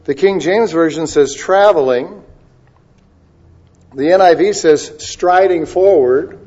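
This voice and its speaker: A man delivers a sermon in a slightly high voice. He swings between loud, stretched-out emphasis and quiet, conversational asides. The recording sounds dull and lo-fi. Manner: stretches key words slowly for emphasis. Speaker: preacher.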